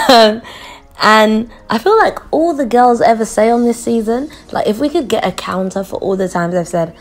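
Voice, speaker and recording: A woman casually recapping a TV episode, chatty and quick to laugh, mimicking the people she quotes. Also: a little high, expressive. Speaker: vlogger reviewing a TV show.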